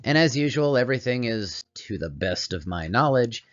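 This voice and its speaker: A man hosting a career coaching show, giving a calm, meditative solo presentation in a put-on radio voice. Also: mid-range voice, normal speed. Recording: slightly dull audio with soft background music. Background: calming music.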